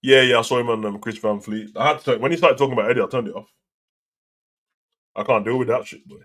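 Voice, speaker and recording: A man talks in loose, slangy, opinionated chat as he hosts a live wrestling show. His pitch sits right in the middle range. He keeps a casual, running commentary going. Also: fast talker, fairly bright tone.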